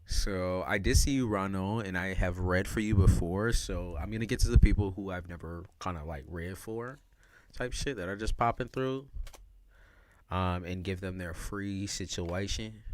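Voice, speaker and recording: A man's voice: deep voice, normal speed. A man giving a casual livestream tarot reading, talking in slang, with lots of expression and frequent laughs. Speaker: tarot reader.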